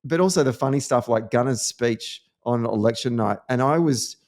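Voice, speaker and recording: An Australian man hosting a podcast, chatting casually and telling lively campaign anecdotes. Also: medium pitch, normal speed. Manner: animated storyteller, lively anecdotes. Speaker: podcast host. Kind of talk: casual political chat.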